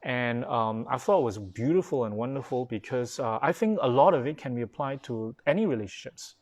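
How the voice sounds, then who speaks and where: A man's voice: medium pitch, animated, a little fast, a little mellow. A man, a Buddhist pastor giving a live-streamed dharma talk in a chatty, informal way, with many fillers and restarts, now and then answering viewer comments. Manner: replies to viewer comments as he goes.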